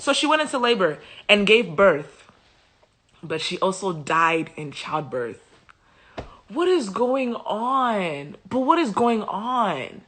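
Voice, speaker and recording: A woman hosting a live stream, retelling and joking through a Bible story in an animated, slangy way. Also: mid-range voice, slow. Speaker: host.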